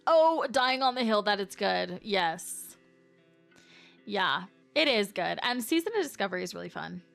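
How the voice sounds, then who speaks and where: A woman's voice: mid-range voice, very animated, a little slow, vocal fry, fairly bright tone, soft background music. A woman live streamer chatting casually with her viewers in a bubbly, chatty way, full of fillers, sometimes dropping to near whispers.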